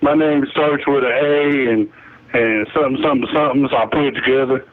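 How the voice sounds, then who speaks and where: An easygoing male interviewer chats in relaxed slang and jokes with his guest. His voice sits at a medium pitch. It comes through thin and tinny, like a phone call. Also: fairly quick. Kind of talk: casual interview chat.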